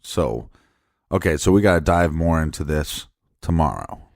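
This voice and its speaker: A man's voice: extremely low pitch, animated, normal speed, gravelly, no room sound, studio quality. A man co-hosting a true crime podcast, blunt and opinionated, with a mocking edge. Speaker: podcast co-host.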